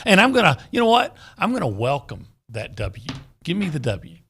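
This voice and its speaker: A man's voice: a little high, moderate pace, creaky, slight background noise. A man co-hosting a casual sports talk radio show, rambling through his game picks with lots of restarts. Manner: rambling, restarts mid-thought, animated.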